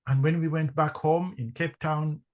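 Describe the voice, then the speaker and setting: A middle-aged man from Zambia, a podcast guest telling a personal story with lively acted-out dialogue. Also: a little high, moderate pace, highs cut off. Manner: animated storyteller acting out quoted voices. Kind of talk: storytelling in conversation.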